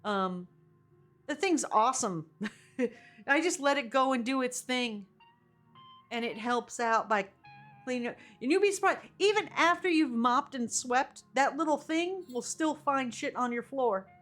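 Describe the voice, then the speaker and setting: A woman's voice: high-pitched, animated, measured pace, a bit bright, faint music behind. A woman streaming a video game live, chatting casually with viewers and laughing often as she drifts into rambling asides.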